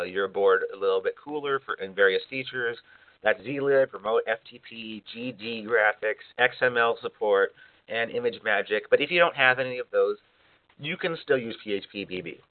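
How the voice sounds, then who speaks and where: A man explains a software installation in a loose, conversational way, often pausing with fillers and correcting himself mid-sentence. His voice sits at an ordinary pitch. The sound is narrow and phone-like. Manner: informal, rambling with fillers and self-corrections. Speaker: software tutorial presenter. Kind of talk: casual screencast walkthrough.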